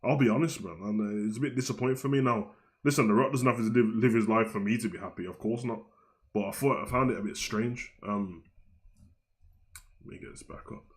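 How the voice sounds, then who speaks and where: A young man with a lowish voice hosts a wrestling talk show, talking a little fast. He goes on a slangy, heated, rambling rant in casual commentary.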